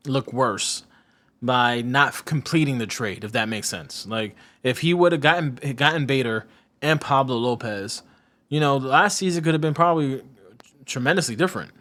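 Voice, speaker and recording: A man co-hosting a casual sports podcast, talking at an ordinary middle pitch. He rambles through his points, restarts his sentences, turns sarcastic and stops to hunt for names. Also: measured pace, pushed and bright. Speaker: podcast co-host.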